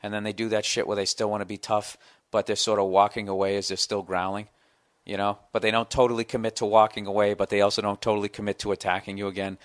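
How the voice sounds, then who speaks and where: A man in his forties, a comedian hosting his podcast, telling a long profane story in a ranting, animated way. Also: lowish voice, quick pace, no room sound, studio quality. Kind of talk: casual storytelling monologue.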